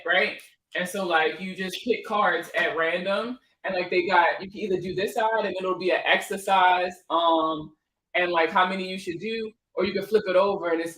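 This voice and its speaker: Host, female, 30s, Maryland accent; bright voice, laughs easily, loose and talkative. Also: fairly low pitch, poor audio. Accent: Prince George's County, Maryland. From Maryland, USA. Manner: laughs a lot, chatty and joking. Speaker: host of a credit advice livestream. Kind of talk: casual livestream chat.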